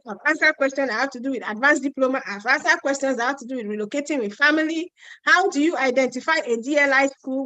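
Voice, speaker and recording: Bright-voiced Nigerian woman answering live questions. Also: sits high, no echo, low-quality recording. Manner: chatty, reads out questions, frank and teasing. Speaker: host answering viewer questions on a live stream. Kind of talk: casual live Q&A.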